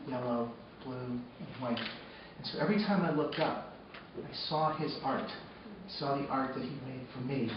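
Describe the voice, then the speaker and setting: A man telling a personal story on stage, moving between hushed, sombre narration and loud, excited retelling. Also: medium pitch, measured pace, few pauses. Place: arts center stage before a live audience. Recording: echoey hall from far off, dull and noisy.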